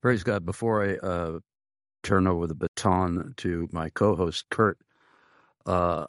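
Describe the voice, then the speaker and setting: Deep-voiced man hosting a faith interview. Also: no room sound, clean studio sound. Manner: measured, pausing often with "uh". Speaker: pastor and podcast host. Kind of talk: conversational interview.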